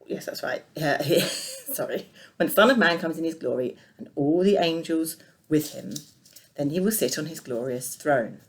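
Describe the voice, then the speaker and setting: Animated woman telling a children's Bible story. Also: deep voice, normal speed. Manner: playful and animated. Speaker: junior church leader.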